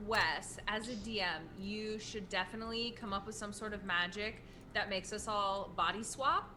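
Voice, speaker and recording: Bright-voiced woman from the West Coast. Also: medium pitch, moderate pace, a little hiss or hum. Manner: animated, playful. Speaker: player. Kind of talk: casual chat.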